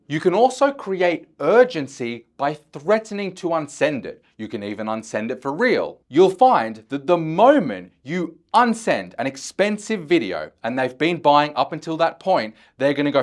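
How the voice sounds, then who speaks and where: A man's voice: fairly high pitch, very animated, moderate pace, few pauses. A man coaching chatters on handling objections, talking bluntly and swearing casually. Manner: acts out sample chat messages in a shy voice. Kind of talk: instructional explainer.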